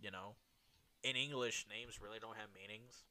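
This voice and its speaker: Bright-voiced man swearing casually. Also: on the low side, fairly even intonation, normal speed. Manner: profane, laughs often. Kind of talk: casual chat.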